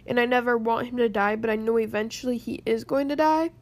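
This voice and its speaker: Tearful young woman, rambling. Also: fairly high pitch. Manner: rambling, halting, many pauses. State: tearful, close to crying. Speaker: vlogger. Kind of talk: casual personal storytelling to camera.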